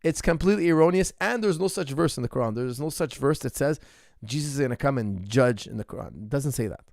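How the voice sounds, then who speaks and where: A man's voice: mid-range voice, lively intonation, quick pace, gravelly, darkish tone, no echo, studio quality. A man, a martial arts coach, answers viewer questions in a casual chat. He talks in a rambling, emphatic way and often restarts his sentences. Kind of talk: casual ask-me-anything chat.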